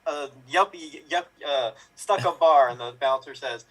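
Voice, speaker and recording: A man's voice: on the high side, moderate pace, a bit bright. A man in an improv game telling run-on joke setups and punchlines. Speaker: improv performer. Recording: distant mic, faint noise.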